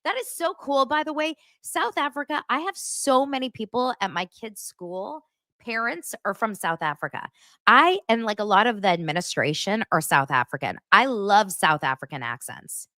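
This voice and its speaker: A woman's voice: mid-range voice, bright, forceful tone, dry recording, studio quality. Gushing chatty woman host. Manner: chatty and gushing, full of fillers and asides. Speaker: host of a pop-culture livestream show. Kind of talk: casual chat to a live audience.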